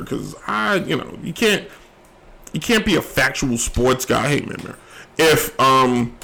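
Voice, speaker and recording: A man's voice: mid-range voice, creaky, a bit bright, low-quality recording. A man hosting his own sports show, giving emphatic, rambling opinions and repeating his key phrases, with a voice worn from a long day. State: losing his voice, tired. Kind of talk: opinionated solo sports commentary.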